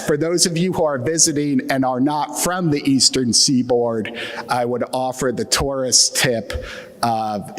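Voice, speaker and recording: A man's voice: medium pitch, fairly bright tone. A man with an Atlantic Midland American accent giving a wry, joking conference keynote with frequent fillers. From United States. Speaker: keynote speaker. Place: large conference hall. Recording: long hall reverb.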